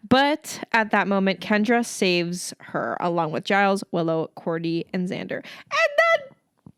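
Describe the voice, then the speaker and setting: A woman's voice: mid-range voice, wildly swooping pitch, unhurried, smooth, no echo, clean studio sound. A woman co-hosting a podcast, recapping an episode with enthusiastic, swearing casual chat. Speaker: podcast co-host.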